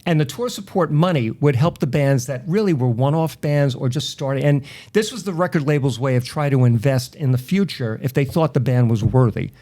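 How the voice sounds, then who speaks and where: A middle-aged man from Long Island, a radio personality telling animated stories in a casual interview and acting out the voices of people he quotes. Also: mid-range voice, a little fast, few pauses. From Long Island, New York.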